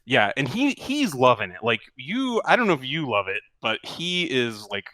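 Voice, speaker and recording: A man narrating a tabletop game as game master, in a relaxed and rambling way with many fillers. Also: medium pitch, moderate pace, dry recording.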